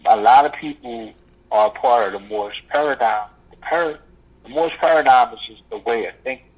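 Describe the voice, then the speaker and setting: Rambling man on muffled lo-fi audio. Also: medium pitch. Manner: rambling, halting, many fillers, acts out others' lines. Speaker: guest. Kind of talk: casual storytelling interview.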